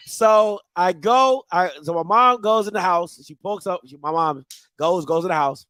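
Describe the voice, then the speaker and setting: A man's voice: sits high, animated, measured pace, a bit bright, no room sound. A young man telling a childhood story on a talk show, acting out his younger self with screams and laughter. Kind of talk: animated storytelling.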